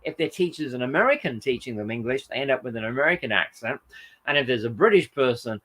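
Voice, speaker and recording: Medium-pitched, expressive and husky, the man talks fast in a fairly bright tone. He hosts a live stream, reading viewer comments out and chatting casually. He rambles, uses plenty of fillers and often corrects himself mid-sentence.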